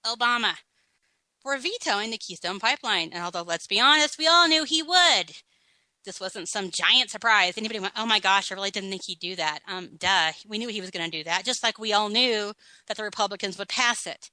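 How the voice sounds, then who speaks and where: Bright, sarcastic woman host. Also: medium pitch, expressive, a little fast, dry recording, low-quality recording. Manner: sarcastic, blunt, laughing at her own list. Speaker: talk show host. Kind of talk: opinionated political commentary.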